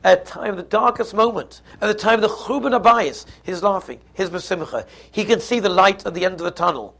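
Guy with yeshiva giving a torah shiur, gravelly and kinda husky. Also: high-pitched, brisk, a bit bright. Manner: explanatory, mixes Hebrew and Yiddish terms, frequent restarts. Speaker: rabbi teaching a Passover class. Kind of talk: Torah lecture.

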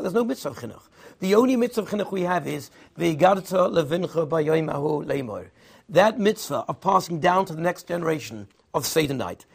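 A man's voice: on the high side, vocal fry, husky. A man giving a Torah sermon in English, weaving Hebrew and Yiddish terms into his teaching. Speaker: rabbi giving a Torah talk.

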